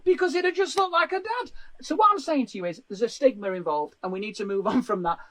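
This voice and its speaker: A man's voice: very high voice, fast, a bit bright, no room sound. A man hosting a comedy show, telling rambling comic stories and often asking "do you know what I mean". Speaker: comedian host. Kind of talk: comic storytelling chat. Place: garden shed.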